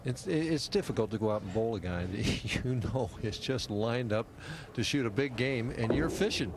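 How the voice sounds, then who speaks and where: A man giving relaxed, analytical color commentary on a bowling broadcast. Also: medium pitch, moderate pace. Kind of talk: sports commentary. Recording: noisy old TV broadcast.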